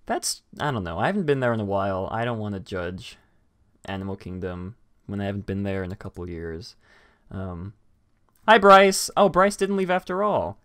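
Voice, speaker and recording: A man's voice: on the low side, sing-song, brisk, clear, resonant tone, dry recording, studio quality. A man hosting a casual live stream chat, rambling with many fillers and restarts. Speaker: host.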